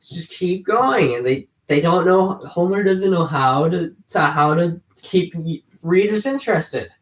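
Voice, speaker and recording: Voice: medium pitch, animated, unhurried, reverberant. A teenage reader who reads a classic aloud, trips on names, then sums it up casually with many fillers and sarcasm. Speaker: student reader.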